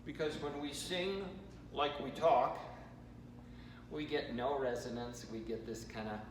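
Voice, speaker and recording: An American man leading a choir rehearsal warm-up, giving chatty instructions with joking asides. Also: mid-range voice, a little slow. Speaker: choir vocal coach. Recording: roomy hall, from far off, noisy.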